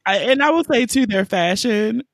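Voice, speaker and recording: A woman's voice: a little high, lively intonation, moderate pace, dry recording. Woman, 30s, podcast host; loose and profane, dry close mic. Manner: candid, profane, laughs easily. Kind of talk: casual chat.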